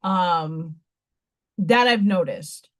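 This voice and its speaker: A woman's voice: on the low side, very slow. A woman with a fading Staten Island New York accent, chatting bluntly and rambling on her own live stream. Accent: faded Staten Island New York. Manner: blunt, rambling, frequent restarts. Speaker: livestream host. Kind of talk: casual live-stream chat.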